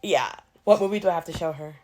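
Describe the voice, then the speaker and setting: A middle-aged woman co-hosting a podcast, telling family stories in an animated, casual way. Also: fairly low pitch, quick pace. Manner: animated storytelling, acting out family conversations. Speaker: podcast co-host. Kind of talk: casual chat.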